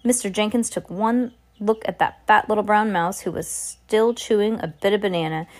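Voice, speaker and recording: A woman's voice: medium pitch, normal speed, darkish tone. Woman casually reading a novel aloud. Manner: casual, with slips and self-corrections. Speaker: reader.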